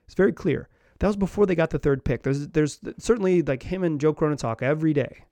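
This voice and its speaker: Man, podcast host, rambling sports chat, slightly high voice, dry close sound. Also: fast, dark tone, no echo. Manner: rambling, many restarts and fillers. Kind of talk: casual sports commentary.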